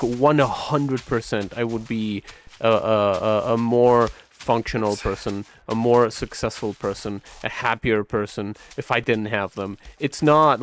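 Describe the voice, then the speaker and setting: A man's voice: mid-range voice, fairly bright tone. A young man commentating his gameplay in a casual, rambling way, often heated, swearing and repeating himself. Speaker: gaming streamer.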